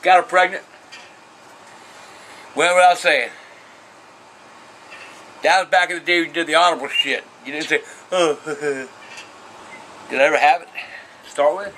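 A middle-aged father answering viewer questions in a blunt, foul-mouthed way, with bursts of shouted cursing. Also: fairly high pitch, fairly even intonation, moderate pace, long pauses, a little hiss or hum. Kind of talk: profane casual Q&A.

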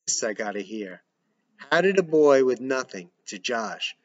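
A man's voice: medium pitch, very animated, unhurried, no echo. A man voicing a short-tempered, sarcastic father who barks at his kids. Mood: gruff. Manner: barking, sarcastic. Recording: dull lo-fi recording.

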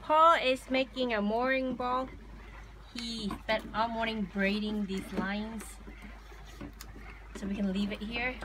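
A woman's voice: on the high side, steady tone, slow pace, pauses often. A woman in her forties narrating a casual sailing vlog as she films on her boat with a phone. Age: 40s. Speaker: sailing vlogger. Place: on a sailboat. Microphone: phone camera. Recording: noisy outdoor boat recording.

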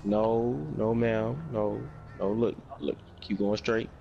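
A woman voicing a polite, timid man with a gravelly, hesitant way of talking, full of ums, in a game role-play. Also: a bass voice, little pitch movement, slow pace, pitched below the performer's own voice, full character voice. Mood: insistent. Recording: muffled lo-fi mic with faint hiss.

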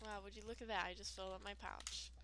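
A woman's voice: mid-range voice, steady tone, fast talker, background noise. A woman giving casual, rambling let's-play commentary, full of fillers and self-deprecating asides. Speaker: gaming video creator.

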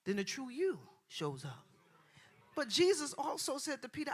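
A woman pastor preaching a sermon in a colloquial way, repeating phrases and rising from hushed passages to loud, shouted preaching. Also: sits high, wildly swooping pitch, normal speed. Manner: colloquial, repeats phrases, acts out quoted voices.

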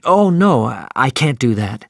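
A man's voice: medium pitch, sing-song, takes it slowly, vocal fry, dry recording, clean studio sound, exaggerated voice. A man voicing a friendly but firm one-armed sea captain in an audiobook.

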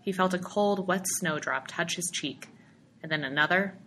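Woman reading a story aloud, bright voice. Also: fairly low pitch, moderate pace, a little hiss or hum. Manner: expressive, steady storytelling. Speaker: narrator. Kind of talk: audiobook reading.

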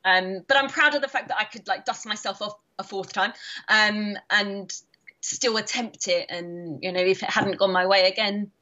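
A British woman in her thirties tells her stories with animation, laughing often and acting out what people said. Her voice is bright and forward, though the audio comes through dull and lo-fi, like a video call. It sounds like a relaxed interview. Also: mid-range voice, normal speed, a little hiss or hum. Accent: British English. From Britain. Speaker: guest, karate champion. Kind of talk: casual interview chat.

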